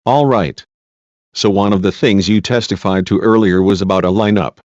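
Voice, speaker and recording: A man reading a male defense lawyer's questions, measured and reassuring, in a dull lo-fi recording. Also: on the low side, fairly even intonation, a little mellow, no echo, close to an everyday voice. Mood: courteous. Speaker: cross-examining lawyer.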